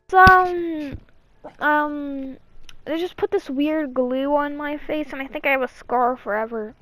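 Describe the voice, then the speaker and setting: A woman with a high, light voice tells stories in a loose, chatty vlog style. She rambles, restarts her sentences and acts out what people said along the way. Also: unhurried, a bit bright. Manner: rambling, with restarts and acted-out quotes. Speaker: channel host. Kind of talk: casual storytime chat.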